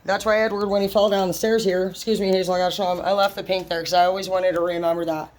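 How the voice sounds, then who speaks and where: A woman's voice: lowish voice, flat delivery, fast, darkish tone, poor audio. A woman vlogging in a casual monologue, rambling bluntly and swearing constantly. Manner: brash and unfiltered.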